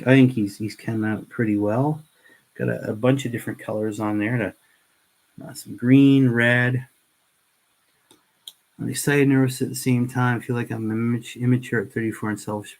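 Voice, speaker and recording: A man's voice: medium pitch, creaky, a little mellow, breathy edge, poor audio. A middle-aged man hosting a casual livestream while painting miniatures, rambling and earnest with frequent restarts.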